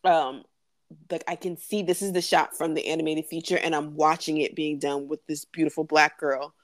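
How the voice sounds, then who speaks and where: Woman, podcast co-host, casual chat, animated storytelling, frequent laughs, dry close sound. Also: deep voice, moderate pace, no room sound.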